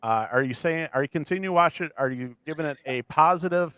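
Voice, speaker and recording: Co-hosting a podcast, a Midwestern American man chats casually in a smooth, somewhat high voice at a fairly quick pace, recorded dry. He wanders from point to point, animated and quick to poke fun at himself.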